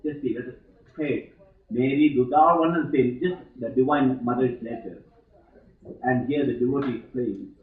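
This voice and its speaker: A middle-aged man giving a spiritual talk to students, halting and full of fillers, with sudden emphatic stresses. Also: mid-range voice. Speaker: yoga teacher giving a talk. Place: ashram hall. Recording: old archive tape, echoey hall, tinny thin sound.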